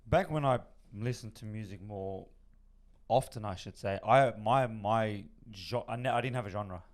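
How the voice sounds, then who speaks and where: A man with a hoarse voice from shouting, chatting casually on a podcast, rambling and swearing. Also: lowish voice, normal speed. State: hoarse, lost voice. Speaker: podcast co-host. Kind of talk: casual chat.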